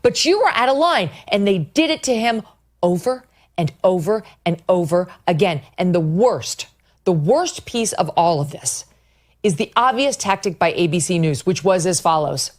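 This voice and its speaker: A woman's voice: on the low side, expressive, normal speed. Angry woman ranting with profanity. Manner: indignant, profane, sarcastic. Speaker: podcast host. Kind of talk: angry commentary rant.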